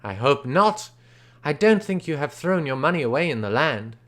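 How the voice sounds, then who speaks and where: A man's voice: fairly high pitch, sing-song, moderate pace. A man voicing a smug, offhand auctioneer who talks breezily and dismissively.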